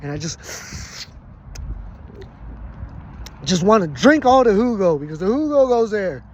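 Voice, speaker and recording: A man's voice: high voice, very animated, a little slow. A young man telling a loose, rambling party story full of cursing and casual asides. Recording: muffled lo-fi audio with loud background noise.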